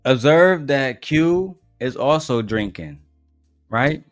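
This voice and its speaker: A man hosting a commentary stream, pausing clips to make teasing, sarcastic asides to his viewers. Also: medium pitch, lively intonation, dry recording, clean studio sound, soft background music.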